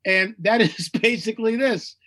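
A man's voice: high-pitched, moderate pace, bright, forceful tone. A man from the United States, speaking as a guest in an interview with emphatic repetition and mocking quoted voices. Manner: emphatic, repeats phrases for effect. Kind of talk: animated interview talk.

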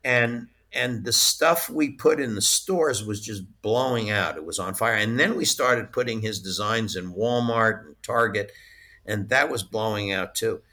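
A man speaks as an interview guest recalling his years in merchandise licensing. His voice sits low but has a bright, forceful edge. He tells stories in a loose, chatty way and often breaks into laughter. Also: unhurried. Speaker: interview guest, former studio licensing executive. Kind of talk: casual anecdotal storytelling.

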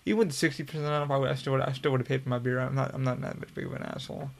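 Man, young adult, heavy vocal fry, flat delivery, casual swearing storyteller. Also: medium pitch, racing. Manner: profane, rambling, laid-back. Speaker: podcast host.

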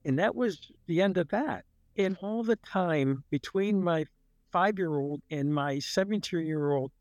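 An older man recounts a story in a loose, plain-spoken way, drifting from point to point and acting out what others said. His voice sits somewhat high for a man. The sound is close and dry. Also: dry recording. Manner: plain-spoken, rambling, acts out the dialogue he quotes. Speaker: guest recounting a near-death experience. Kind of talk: casual storytelling.

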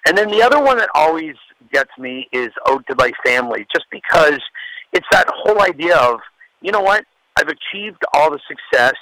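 A man who works as a radio DJ, sharing a heartfelt, reflective, halting tribute. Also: mid-range voice, pushed and bright, no echo, poor audio. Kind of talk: recorded tribute message.

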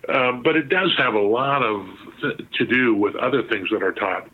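A man's voice: mid-range voice, moderate pace. Man on a tinny phone line. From Southern California. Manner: chatty, many fillers and restarts. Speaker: guest, sports museum president. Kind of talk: phone interview storytelling.

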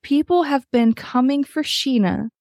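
Higher-voiced woman host, animated and foul-mouthed, recorded close and dry. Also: unhurried, no room sound. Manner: animated, swears freely, acts out quotes. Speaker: podcast host. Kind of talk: casual recap chat.

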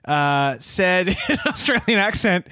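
A man's voice: high voice, lively intonation, a little slow, sharp tone, clear, resonant tone. A man co-hosting a comedy podcast, talking in an easygoing, hesitant way with many fillers. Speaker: podcast co-host. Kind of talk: casual comedy podcast chat.

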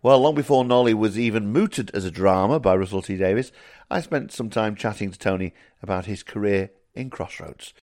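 A man interviewing a guest, asking his questions slowly and deliberately. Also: lowish voice, darkish tone.

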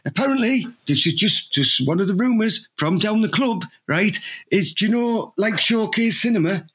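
A man's voice: high voice, expressive, moderate pace, fairly bright tone, husky. A man with a Teesside accent, telling rambling jokey anecdotes in casual chat. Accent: Teesside English. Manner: rambling anecdotes, acts out mock quotes. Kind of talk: casual banter.

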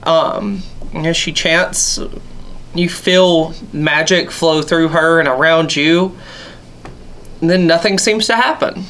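A game master narrating a tabletop game in a relaxed, rambling way. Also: mid-range voice, takes it slowly, slight background noise.

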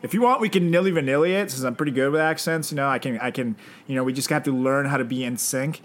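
A man's voice: medium pitch, fast. A man hosting a podcast in casual chat, joking and rambling with lots of fillers. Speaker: podcast host.

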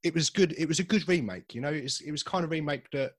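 A man's voice: fairly high pitch, fast talker, dry recording, clean studio sound. A man co-hosting a podcast in casual chat, jokey and rambling about films. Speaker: podcast co-host.

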